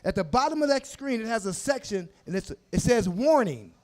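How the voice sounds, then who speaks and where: A man in his forties doing a crude, animated stand-up set on a comedy club stage, shouting his punchlines into a handheld mic. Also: high voice, a little fast. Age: 40s. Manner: loud, crude, animated storytelling with shouted asides.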